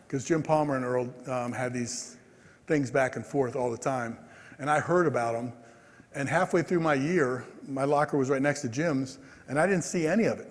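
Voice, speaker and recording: A man in his sixties giving a conference speech, telling stories in a lively way and acting out the people in them. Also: mid-range voice. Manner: animated, acts out quoted people. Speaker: keynote speaker. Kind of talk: storytelling speech. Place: large convention hall. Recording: long hall reverb.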